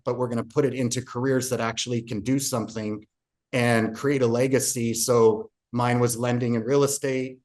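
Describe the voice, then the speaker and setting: A man's voice: mid-range voice, little pitch movement, moderate pace, darkish tone. A man guest on a podcast, earnestly recounting a personal story with frequent fillers and restarts. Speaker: podcast guest, real estate agent.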